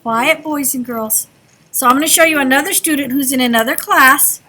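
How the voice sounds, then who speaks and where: A woman's voice: high-pitched, moderate pace, pushed and bright. A woman teaching a kindergarten class, talking in an encouraging sing-song way to small children. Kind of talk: classroom instruction.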